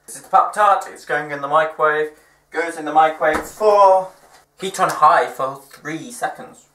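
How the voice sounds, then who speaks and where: Bright-voiced young man, chatty vlog. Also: a little high, normal speed, slight background noise. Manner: chatty and upbeat, self-mocking. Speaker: vlogger. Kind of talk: casual vlog chat. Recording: echoey room.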